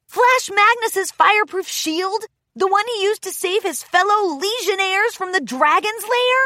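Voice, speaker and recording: A woman's voice: very high voice, animated, measured pace, pushed and bright, no room sound, voice pushed up, full character voice. A woman voicing a brash, tomboyish young female pegasus pony who hollers eagerly in a storybook reading. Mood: excited.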